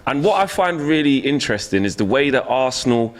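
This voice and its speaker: Rich: A man on a football panel speaks in a mid-pitched, animated voice. He is playful but explains his point with emphasis. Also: a little fast. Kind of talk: casual banter.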